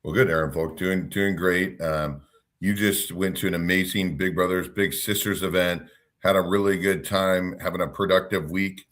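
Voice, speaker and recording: A man's voice: deep voice, steady tone, moderate pace, fairly bright tone. A man co-hosting a casual chat show, upbeat and rambling. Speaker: co-host.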